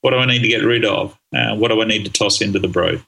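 A man's voice: on the low side, fast talker, gravelly, sharp tone, low-quality recording. A middle-aged man, a guest on an interview show, explaining his ideas enthusiastically with frequent ums and restarts. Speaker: guest speaker on learning. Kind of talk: conversational interview answers.

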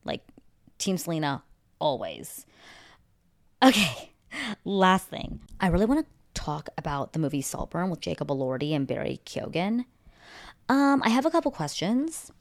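A young woman with a lowish voice and big pitch swings chats about celebrity gossip as a pop culture commentator. She's opinionated and casual, tossing off fast asides and fillers, saying "like" a lot.

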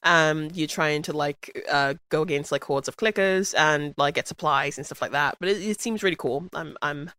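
A woman's voice: low-pitched, normal speed, hardly any pauses, a bit bright. A woman co-hosting a podcast, chatting casually in a self-deprecating way and laughing often. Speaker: podcast co-host. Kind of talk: casual chat.

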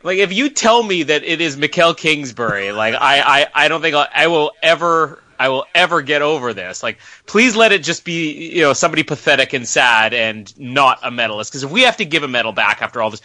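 A man's voice: a little high, animated, brisk, hardly any pauses, pushed and bright, dry recording. A man from Canada co-hosting a casual chat show, telling stories in a rambling way with many fillers. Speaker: podcast co-host.

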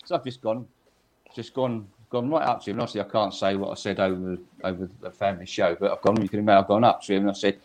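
A man's voice: on the low side, fairly even intonation, fast talker, darkish tone. An older man, a former football referee, telling stories on a podcast in a chatty way, repeating words and acting out quotes. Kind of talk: anecdotal storytelling on a podcast.

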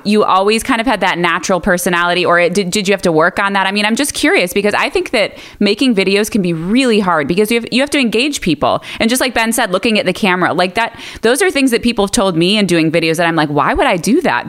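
A woman's voice: mid-range voice, lively intonation, fast talker, hardly any pauses, fairly bright tone. A woman co-hosting a podcast, asking curious, friendly questions in casual chat. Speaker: podcast co-host.

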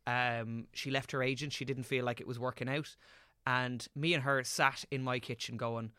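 A young man in his late twenties, an actor on a podcast, talks in a bright, forceful voice. He tells stories with lively energy and drops casual swear words. The sound is close and dry, with no room around it. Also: mid-range voice, normal speed, smooth, dry recording. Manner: animated anecdotal storytelling with casual swearing. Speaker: actor guest.

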